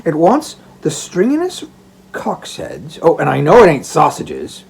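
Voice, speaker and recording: A man voicing a jolly, excitable poor old porter in an audiobook, chuckling as he talks. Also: on the high side, a little slow, creaky, breathy edge, heavily acted. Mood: guessing. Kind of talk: audiobook reading.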